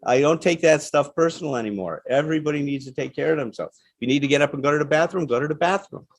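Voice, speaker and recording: A man's voice: fairly high pitch, quick pace, no room sound. Emphatic man lecturing, dry sound. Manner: conversational, checks in with frequent "right?" tags; plain-spoken and emphatic. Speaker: guest speaker on addiction recovery. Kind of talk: lecture to a live audience. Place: talk in front of a seated audience.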